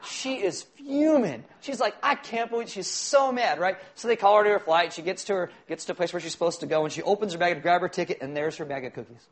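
A man's voice: sits high, quick pace, few pauses. A middle-aged male pastor giving a sermon in a conversational, joking way, asking the congregation questions. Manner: conversational, jokey preaching with audience questions.

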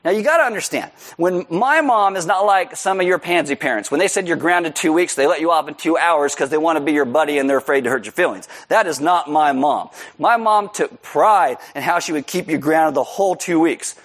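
A man delivers a sermon in a fairly high voice. He is joking and self-mocking, and he acts out stories in loud, high shouts. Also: brisk, few pauses. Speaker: pastor. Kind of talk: sermon with storytelling.

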